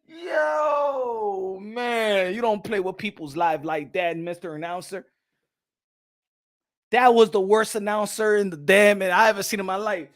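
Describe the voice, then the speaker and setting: A man giving casual boxing reaction commentary, excitable and profane, laughing often and repeating himself. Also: high voice, measured pace.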